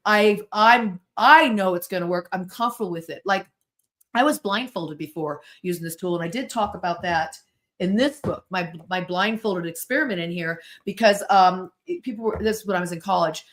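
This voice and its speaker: A middle-aged woman from the United States, a podcast guest telling stories in an animated, self-interrupting way. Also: mid-range voice, normal speed. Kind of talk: casual storytelling interview.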